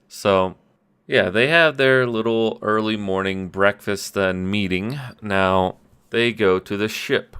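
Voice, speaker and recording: A man with a fairly low, fairly bright, clear and resonant voice casually recaps his tabletop game session as game master on a solo podcast, using an audio-only podcast mic. He rambles and puts himself down, restarting often and tossing in quick quoted voices.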